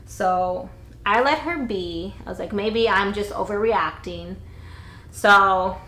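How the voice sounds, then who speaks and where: A woman's voice: medium pitch, a bit bright. A young woman vlogger telling a casual, blunt storytime with some swearing, recorded indoors on a camera-mounted mic. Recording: roomy echo.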